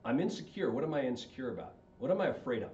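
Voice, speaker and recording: Rapid-fire and animated, a man with a mid-range voice speaks informally about marriage to a group and asks the audience questions. Crowd noise is audible, and the recording sounds dull and echoey, taken far from the mic.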